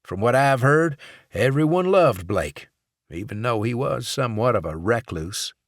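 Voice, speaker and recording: A man's voice: medium pitch, expressive, unhurried, no room sound, studio quality, pitched above the performer's own voice. A man voicing a folksy male sheriff's investigator who chats easily while probing with questions. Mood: chatty probing. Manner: chatty, probing, easygoing.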